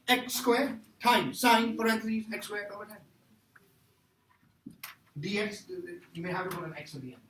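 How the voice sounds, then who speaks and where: A man's voice: high voice, expressive, moderate pace, pauses often, a bit bright. A man teaching a math class, joking with students and quizzing them as he works problems. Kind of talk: classroom lecture. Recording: echoey room from far off, faint noise.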